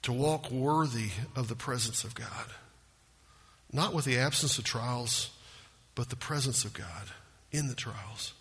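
A man's voice: mid-range voice, unhurried, a bit bright, breathy edge, long reverb tail. A man preaching a sermon, earnest and emphatic, asking rhetorical questions. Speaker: pastor.

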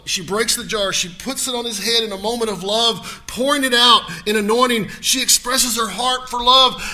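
Pastor guy preaching in a church, goes loud then hushed, bright piercing tone. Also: high-pitched. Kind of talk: sermon.

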